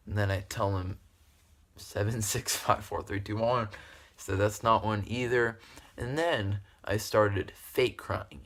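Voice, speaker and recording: A man's voice: lowish voice, fairly bright tone. Rambling young man telling a story. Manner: rambling with fillers and laughter, quoting voices. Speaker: vlogger. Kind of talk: casual storytelling.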